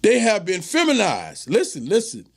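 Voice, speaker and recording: A man's voice: high voice, wildly swooping pitch, normal speed, vocal fry. A man hosting his own talk show, giving an emphatic commentary monologue and repeating phrases for stress. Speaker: show host. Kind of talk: direct-to-camera commentary monologue.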